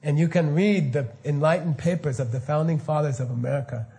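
A man giving an informal spiritual lecture to students, animated and often laughing, with mock-incredulous asides. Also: a little high, brisk. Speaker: spiritual teacher.

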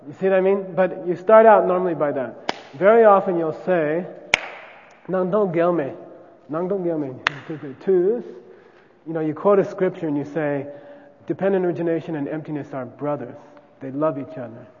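A man's voice: on the high side, narrow, tinny audio, a little hiss or hum. Man teaching a class in a reverberant hall. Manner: casual, repeats "okay?", demonstrates chants.

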